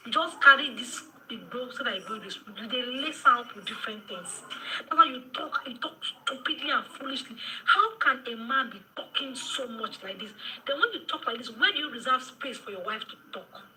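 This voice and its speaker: A woman's voice: a little high, expressive, normal speed, pushed and bright, a little hiss or hum, rough recording. A Nigerian woman giving a heated, scolding reaction commentary, repeating her points and slipping into Pidgin and Yoruba phrases. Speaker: social media commentator.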